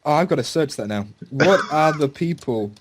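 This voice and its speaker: Lively, joking man on a podcast. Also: fairly high pitch, moderate pace, a little hiss or hum. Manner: swearing, joking, laughing often. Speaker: podcast co-host. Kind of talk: casual chat.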